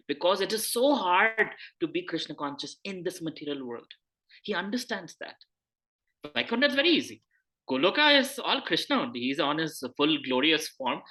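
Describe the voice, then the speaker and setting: A man's voice: fairly high pitch, sharp tone. A man giving a conversational scripture talk, acting out quoted dialogue as he tells a personal story. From India. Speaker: spiritual teacher.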